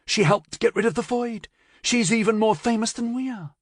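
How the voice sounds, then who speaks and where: A man's voice: extremely high pitch, moderate pace, no echo, clean studio sound, voice pushed up. A man doing a bubbly, tipsy young woman. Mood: excited. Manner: excited, slightly slurred.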